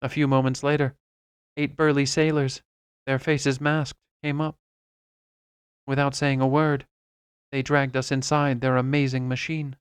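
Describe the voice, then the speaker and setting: A man reading a classic novel aloud as an audiobook, narrating in the first person in a measured, expressive way. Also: mid-range voice, clean tone, no echo, studio quality.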